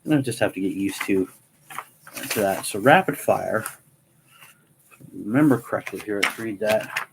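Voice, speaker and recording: A man's voice: on the low side, normal speed, creaky, pauses often, background noise. A man hosting a casual livestream, thinking aloud with restarts and reading out game stats. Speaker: livestream host.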